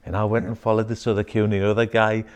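Male storyteller, very low voice, casual, swears a lot, whispers the quotes. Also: flat delivery, quick pace, clear, resonant tone. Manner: swears freely, hushed whispers when quoting others. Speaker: guest telling a personal story.

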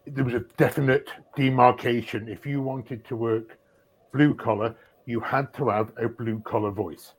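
Husky middle-aged northern English man. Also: mid-range voice, darkish tone. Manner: blunt, plain-spoken storytelling. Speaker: guest, recruiting veteran. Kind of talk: live podcast discussion.

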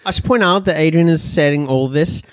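A man's voice: a little high, moderate pace, no room sound. A man co-hosting a casual podcast chat, making dry, teasing remarks. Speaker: podcast co-host.

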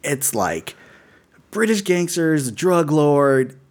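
A man's voice: a little high, big pitch swings, extremely slow. A man in his thirties co-hosting a podcast, chatting casually, rambling, swearing and laughing often. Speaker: podcast co-host. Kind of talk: casual chat.

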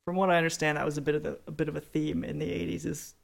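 Gravelly man telling deadpan stories. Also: fairly high pitch, very fast. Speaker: podcast co-host. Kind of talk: casual chat.

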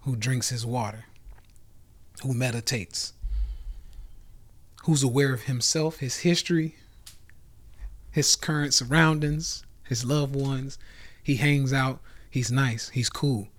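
A brash man in his thirties rants to his live audience in a voice of middling pitch. He speaks profanely and swaggers through his points. Now and then he drops to a near whisper before booming back. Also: husky. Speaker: host of a live motivational rant. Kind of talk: casual motivational rant. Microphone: phone on a live stream.

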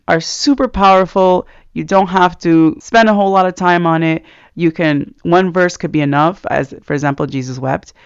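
A man's voice: a little high, creaky, clear, resonant tone, no echo. A man giving a casual, rambling devotional talk about reading scripture, earnest, with many fillers. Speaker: Christian speaker. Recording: dull lo-fi sound, dry.

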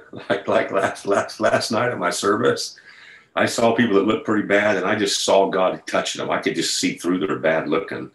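A man's voice: low voice, moderate pace, fairly bright tone, echoey room, low-quality recording. A man preaching a sermon over a video call, conversational at first and building to a fervent retelling. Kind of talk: sermon to an online group.

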